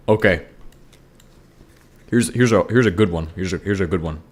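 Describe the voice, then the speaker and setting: Rambling young guy with a low voice. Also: normal speed, pauses often. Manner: rambling, bursts into high-pitched angry yelling. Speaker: gaming streamer. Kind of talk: casual gameplay chat.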